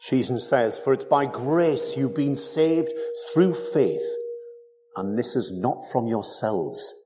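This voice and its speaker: A man's voice: mid-range voice, animated, slow, background noise. A man preaching a sermon, emphatic and full of rhetorical tag questions.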